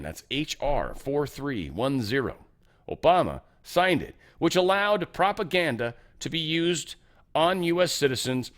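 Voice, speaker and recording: A man's voice: fairly high pitch, fairly bright tone. A man hosting a podcast, talking in a loose, rambling way with lots of fillers and asides. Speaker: podcast host. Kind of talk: casual commentary.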